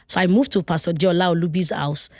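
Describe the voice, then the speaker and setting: A woman with a Nigerian accent, a podcast guest telling her life story in an animated, vivid way with bursts of laughter. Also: lowish voice, fast talker, dry recording, clean studio sound. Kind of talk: personal storytelling in a podcast interview.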